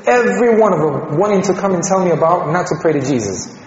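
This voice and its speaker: A man's voice: high-pitched, animated, fast talker, darkish tone. A man from Colombia telling his personal conversion story in a conversational way, often repeating words. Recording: echoey hall, dull lo-fi sound.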